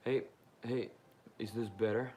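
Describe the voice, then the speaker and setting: A man's voice: on the low side, steady tone, a little slow, warm tone, slight background noise. A young man hosting a live Q&A stream, rambling informally with lots of fillers and asking viewers questions. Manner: talks straight to viewers, asking them questions. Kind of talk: casual livestream chat, answering viewer comments.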